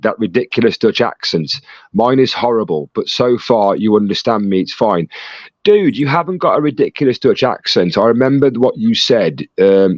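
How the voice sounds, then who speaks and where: A man with a low voice reads out live chat messages, teasing and joking with viewers. His sound is dry and dull, lo-fi over a phone link. He talks as the stream's moderator. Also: no room sound. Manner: jokey, banters with chat. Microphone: phone call.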